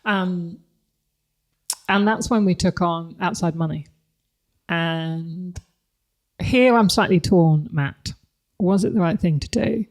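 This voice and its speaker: A woman's voice: on the low side, slow. A woman, speaking candidly and reflectively as a podcast guest, laughing often. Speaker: guest, company CEO. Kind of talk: podcast interview conversation.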